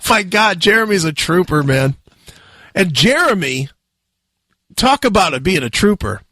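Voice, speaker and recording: Animated, high-voiced storytelling man. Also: unhurried, no echo. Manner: loud, profane, laughing storyteller. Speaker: radio host. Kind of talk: animated storytelling on a talk show.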